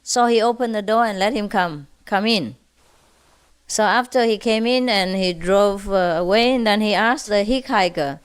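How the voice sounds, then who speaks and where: A woman's voice: mid-range voice, normal speed, smooth. A woman spiritual teacher telling humorous stories to a group, playful and often laughing. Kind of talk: humorous storytelling lecture.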